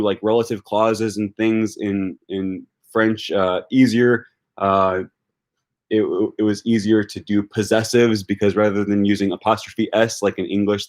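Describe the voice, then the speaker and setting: A man with a fairly low voice chats loosely on a livestream, thinking out loud as he goes. He fills his pauses with ums and uhs and turns to answer questions from viewers. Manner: thinks aloud with many fillers, answers viewer comments. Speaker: language-learning YouTuber hosting a live discussion. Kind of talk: casual livestream chat.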